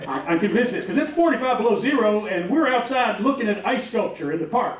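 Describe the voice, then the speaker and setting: A man tells folksy stand-up stories in a lively, high voice that swings up and down. He sounds a bit off-mic in a roomy club, with faint noise behind him. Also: fairly quick, few pauses, distant mic. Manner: folksy storytelling, acts out voices. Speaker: stand-up comic. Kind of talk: stand-up comedy set. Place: comedy club stage.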